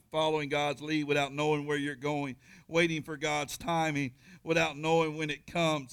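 A male pastor with a bright, ringing voice, pitched a little high for a man. He reads scripture and then preaches in rising bursts, calling out to the congregation before dropping to quiet asides. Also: clean tone. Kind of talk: sermon. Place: church.

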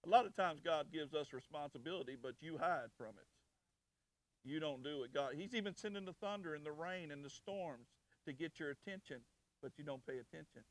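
A man, preaching in church, swinging from loud, rising exhortation to soft, intimate storytelling. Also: fairly high pitch, brisk. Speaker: pastor. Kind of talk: sermon.

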